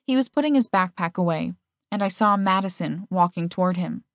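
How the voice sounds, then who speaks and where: A woman narrating a first-person romance audiobook in a steady storytelling manner. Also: on the low side, brisk, no echo, clean studio sound.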